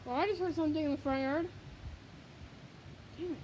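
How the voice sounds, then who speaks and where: Out in a windstorm by a house and then a garage, a woman holds up her phone and narrates live, breathless and exclaiming throughout like the storm vlogger she is. Her high voice is a little mellow and moves a little fast. It's a low-quality recording with slight background noise.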